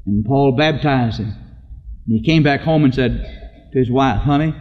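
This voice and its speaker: A man's voice: medium pitch, normal speed, darkish tone. A man preaching a sermon, telling stories in a folksy way and acting out the voices of the people in them. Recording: dull lo-fi recording in a reverberant hall.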